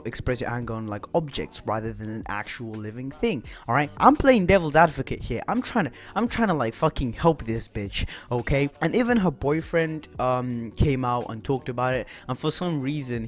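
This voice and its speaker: A young man ranting in a YouTube commentary video, swearing often and using lots of filler words. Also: medium pitch.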